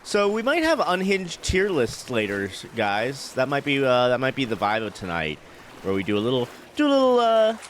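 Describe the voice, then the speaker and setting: A man's voice: medium pitch, sing-song, moderate pace, a bit bright, slight background noise. Rambling young man streaming a game. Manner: rambling storyteller, laughs often, many fillers. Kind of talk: casual let's-play chat.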